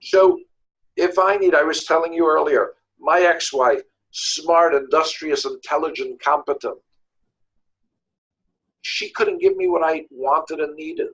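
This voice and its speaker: A man with a New York accent, a divorce lawyer being interviewed, telling stories in a lively way and acting out voices, often repeating words as he searches. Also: on the high side, measured pace, highs cut off. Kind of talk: animated storytelling interview.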